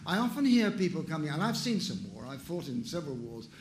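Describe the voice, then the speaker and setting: A man's voice: a little high, expressive, fast, fairly bright tone, slight background noise. An older man answering audience questions at a conference, frank and emphatic. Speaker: conference speaker. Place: conference room. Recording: echoey conference hall.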